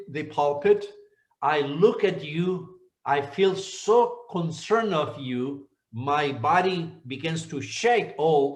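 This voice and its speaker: An older pastor from Argentina speaks to a congregation at a slow, deliberate pace, repeating key points as he teaches. His voice sits a little high for a man. The sound rings around a reverberant church hall. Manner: unhurried, repetitive, teaching tone. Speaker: pastor and seminar presenter. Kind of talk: church seminar talk.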